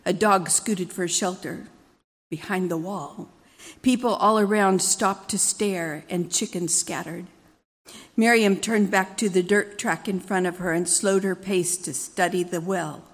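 A woman reading a dramatic story aloud at a church service, measured and expressive. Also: medium pitch, in a large hall.

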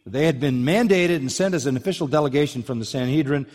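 A man preaching an earnest, emphatic expository sermon in a slightly higher voice than most men. His words ring out with the long reverb of a large hall. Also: fast, darkish tone. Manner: earnest, emphatic, acts out quoted lines. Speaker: pastor.

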